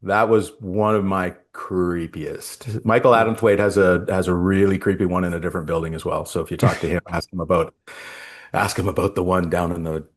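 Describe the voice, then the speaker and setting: A deep-voiced man, speaking a little fast, is the guest in a casual interview. He's an actor telling a story with animation, acting out the voices of the people in it.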